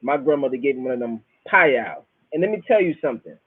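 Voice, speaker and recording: This expressive host talks fast in a breathy mid-range voice, his Southern Florida accent running through a rambling, slang-heavy, profane storytelling monologue. There's no echo, and the audio comes across dry and tinny, like a phone.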